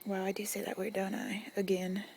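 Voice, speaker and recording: A young woman with an Arkansas accent in a whispered ASMR accent tag, chewing gum and musing softly, recorded outdoors at night on a phone mic. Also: mid-range voice, completely flat delivery, fairly quick, slight background noise. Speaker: ASMR creator. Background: distant cars and crickets.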